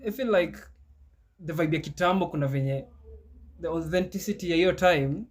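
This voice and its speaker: A man's voice: a little high, moderate pace. A young man with a Kenyan accent, co-hosting a casual podcast chat, mixing English and Swahili slang and laughing often. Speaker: podcast co-host.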